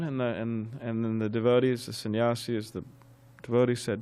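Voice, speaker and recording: A man's voice: mid-range voice, normal speed, smooth. Man telling stories in a temple class. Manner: lively storytelling with chuckles and restarts. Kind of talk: sermon with storytelling.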